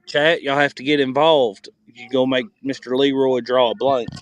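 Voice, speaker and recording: A man's voice: medium pitch, steady tone, moderate pace, slight background noise, poor audio. A man on a fishing boat, chatting casually and explaining what the fish finder shows. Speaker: fishing partner. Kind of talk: casual livestream banter.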